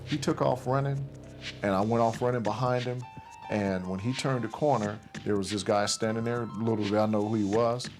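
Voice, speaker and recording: A man with a fairly low voice tells a story in a loose, conversational way. He slips into the present tense and acts out what others said. A clear music bed plays under his words. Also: fairly even intonation, moderate pace, a little mellow. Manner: recounts events in present tense, voicing others' lines. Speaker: interviewee recounting events. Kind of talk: casual storytelling.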